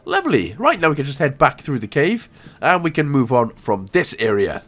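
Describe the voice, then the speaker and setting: A man's voice: on the high side, wildly swooping pitch, moderate pace, a bit bright. A young Welsh man giving casual, rambling gameplay walkthrough commentary with jokey asides. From Wales.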